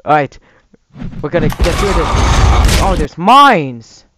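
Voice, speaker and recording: A young man commentating a gameplay video, shouting and laughing between low mutters. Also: big pitch swings, slow, very noisy. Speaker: gamer. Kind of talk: let's play commentary.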